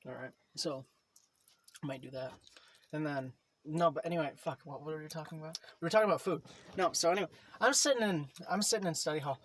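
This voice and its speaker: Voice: mid-range voice, fast, a little hiss or hum. A teenager in a casual podcast chat, rambling through stories, swearing freely and laughing often. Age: late teens. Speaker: podcast co-host.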